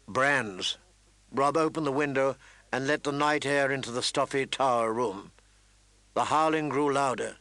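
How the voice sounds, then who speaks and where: A man narrating a fantasy audiobook in a measured, steady storytelling manner. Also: mid-range voice, dry recording. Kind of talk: scripted narration.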